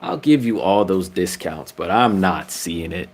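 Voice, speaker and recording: A man's voice: low-pitched, unhurried. A man giving his casual opinions on basketball in a vlog, slangy and full of restarts, his voice climbing when he gets worked up. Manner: slangy, frequent restarts, rising when excited. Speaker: basketball commentator vlogger.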